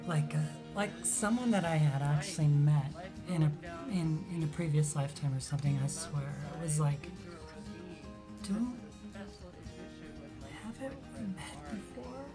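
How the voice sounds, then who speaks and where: A woman telling a personal life story as a radio guest, halting and full of "like" and "you know", dropping to a hushed voice at tender moments. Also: deep voice.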